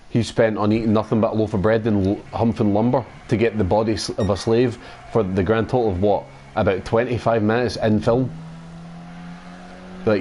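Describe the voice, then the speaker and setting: Scottish man, lowish voice, rambling sweary gamer chat during play. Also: dark tone, slight background noise. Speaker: gaming channel host. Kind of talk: casual chat while playing a racing game.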